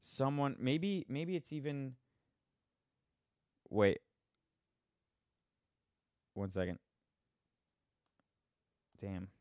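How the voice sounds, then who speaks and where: A man's voice: mid-range voice, very animated, very slow, pauses often, darkish tone, no room sound, studio quality. A man ranting casually to his viewers, sarcastic and rambling, poking fun at himself. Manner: sarcastic, rambling, self-mocking. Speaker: vlogger. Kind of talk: casual opinion rant.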